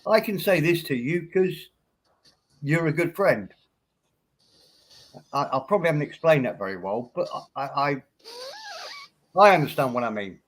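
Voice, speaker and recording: A man's voice: fairly high pitch, animated, moderate pace, long pauses. A man hosting a livestream in casual chat, rambling and laughing often as he addresses viewers by name. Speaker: livestream host.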